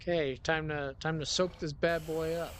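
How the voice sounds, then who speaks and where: A man streaming a driving game live, rambling in casual commentary, sarcastic and quick to swear. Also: a little high, fairly even intonation, background noise.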